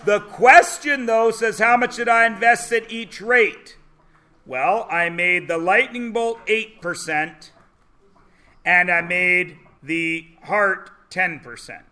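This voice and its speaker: High, bright-voiced male math teacher. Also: slow, clear, resonant tone. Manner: animated, joking, tells stories to the class. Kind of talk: classroom lecture.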